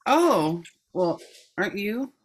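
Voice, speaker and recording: A woman's voice: medium pitch, very animated, slow pace, husky. A woman co-hosting an online language lesson, easygoing and light in manner. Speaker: co-host. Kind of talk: casual video-call lesson. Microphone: video call.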